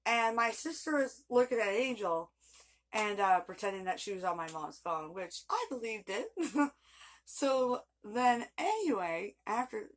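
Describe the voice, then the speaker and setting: A woman's voice: a little high, animated, a little slow, a little hiss or hum. A woman telling a long personal story in a casual vlog, rambling and chatty with frequent laughs. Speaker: vlogger.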